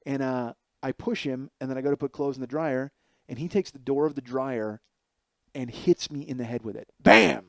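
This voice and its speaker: A man in his forties tells a comic story on his own podcast, rambling and swearing freely as he pokes fun at himself. His voice sits at a mid pitch. He speaks into a headset mic, and the sound is dry and close, with no room echo. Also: a little fast, darkish tone. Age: 40s. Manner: rambling, profane, self-deprecating. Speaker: comedian podcast host.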